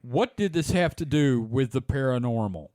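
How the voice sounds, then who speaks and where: A podcast host with a Southern US accent reads a story aloud and jokes with his co-hosts, animated throughout. His voice is medium-pitched at a moderate pace, with no echo.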